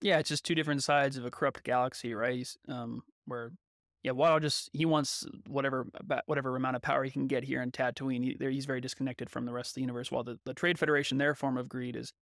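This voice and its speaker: A man's voice: mid-range voice, fairly even intonation, fast, a bit bright, dry recording, clean studio sound. A man co-hosting a podcast in casual discussion, talking in a thoughtful, analytical way and sometimes searching for words. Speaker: podcast co-host.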